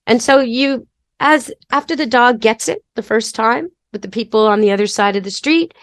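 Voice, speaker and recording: A woman pet expert talks through training steps in a practical, chatty manner. Her voice is fairly high. The recording is dry and close. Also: moderate pace, no room sound. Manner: practical, chatty, gives step-by-step advice. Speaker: pet expert and podcast host. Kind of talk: casual instructional talk.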